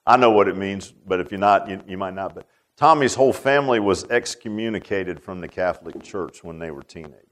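A man's voice: low voice, a little fast, fairly bright tone. An older man telling a personal story in a sermon, folksy and repetitive, leaning on filler like "man". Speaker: preacher.

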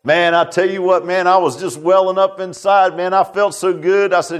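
A man's voice: high voice, steady tone, moderate pace, few pauses, smooth. Folksy older man preaching a story. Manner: folksy, repetitive, lots of "man" and "I said". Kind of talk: storytelling sermon.

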